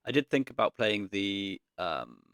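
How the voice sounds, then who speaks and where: A man giving casual gameplay commentary, thinking aloud in a relaxed way with frequent pauses and ums. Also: lowish voice, smooth, no echo, studio quality. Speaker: card game content creator.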